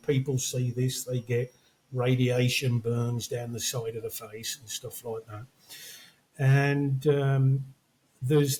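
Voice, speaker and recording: A man's voice: medium pitch, warm tone, rough recording. An older man, chatting casually as podcast co-host and retelling film stories. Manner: storytelling, acts out quotes from films. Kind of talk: casual chat.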